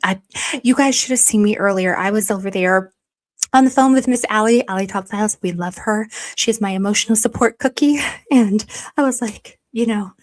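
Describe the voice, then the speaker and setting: A woman's voice: medium pitch, normal speed. A woman hosting a casual livestream, talking straight to her viewers, reading their comments aloud and getting gushing and emotional when they thank her. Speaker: livestream host. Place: warm room at home.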